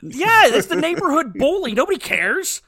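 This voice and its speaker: Man, high pitch, dry close sound, animated casual storytelling, laughs a lot. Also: normal speed, vocal fry, dry recording. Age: adult father. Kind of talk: casual chat retelling a movie.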